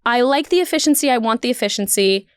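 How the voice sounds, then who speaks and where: A woman hosting a podcast, telling a funny story in an animated, wry, riffing way. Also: on the high side, fast, smooth, no echo, studio quality. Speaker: podcast host. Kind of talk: comedic storytelling.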